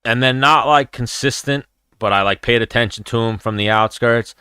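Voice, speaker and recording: A man's voice: mid-range voice, normal speed, pushed and bright, clear, resonant tone, no echo, studio quality. A man hosting a casual livestream chat while watching fights, blunt, profane and rambling. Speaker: podcast host.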